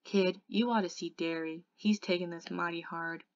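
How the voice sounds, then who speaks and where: A woman voicing a tough, gruff teenage greaser boy who talks in curt slang. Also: lowish voice, steady tone, normal speed, a little mellow, dry recording, highs cut off, natural voice. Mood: blunt.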